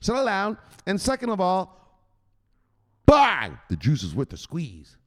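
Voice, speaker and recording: Tough-guy enforcer put on by a man, crude, scolding, high and lively. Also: unhurried, long reverb tail, exaggerated voice. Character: tough, blunt male enforcer scolding a panicky investor.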